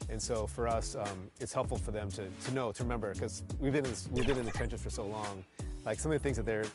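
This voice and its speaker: A game developer being interviewed, talking casually and rambling with plenty of fillers. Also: male voice, medium pitch.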